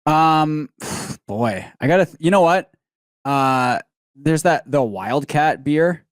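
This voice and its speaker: A man's voice: a little high, lively intonation, slow, no echo. A man co-hosting a casual comedy podcast, rambling, with frequent fillers and restarts. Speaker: podcast co-host.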